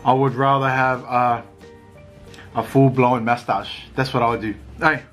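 A man's voice: medium pitch, little pitch movement, unhurried, fairly bright tone, faint music behind. A man chatting casually at home as a family vlogger, eating and laughing between bites. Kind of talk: casual mukbang chat.

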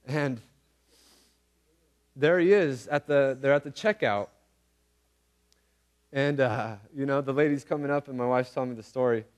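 A man's voice: medium pitch, measured pace, pauses often, clear, resonant tone. A man preaching a casual, conversational sermon, earnest and repeating phrases for emphasis, with everyday slang. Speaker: pastor.

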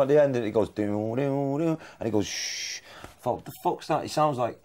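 A man's voice: mid-range voice, a little fast, few pauses, darkish tone. A man in a casual interview, talking about his music in a brash, swearing, offhand way. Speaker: band member.

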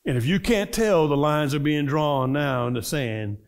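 A man's voice: a little high, normal speed, hardly any pauses. A middle-aged man, a minister, preaching a storytelling sermon and acting out the voices of people in his stories.

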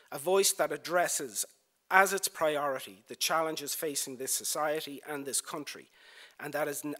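Male speaker, formal lecture, bright, slightly high voice, measured rhetorical delivery. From Ireland. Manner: measured oratory with rhetorical lists and emphatic repetition. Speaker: broadcasting executive giving a lecture. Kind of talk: formal prepared speech. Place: university lecture theatre.

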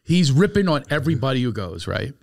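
A man hosting a podcast as a comedian, telling a story in an animated, laughing way. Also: medium pitch, fast talker, creaky. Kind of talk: casual storytelling chat.

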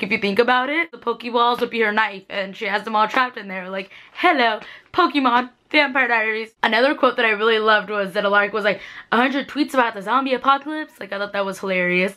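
A young woman vlogger recapping a TV episode in a casual, excitable way, filling her talk with "like" and "literally". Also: on the high side. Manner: chatty, excitable, says "like" and "literally" a lot. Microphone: laptop webcam.

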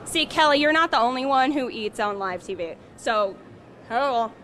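A woman reporting live on a TV news feature from a stadium concourse, bubbly and excited. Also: a little high, normal speed, slight background noise.

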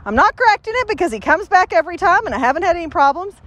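A woman dog trainer commenting during an outdoor training session, giving quick commands and upbeat praise to a dog. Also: extremely high pitch, very animated, fairly bright tone. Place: outdoors near trees.

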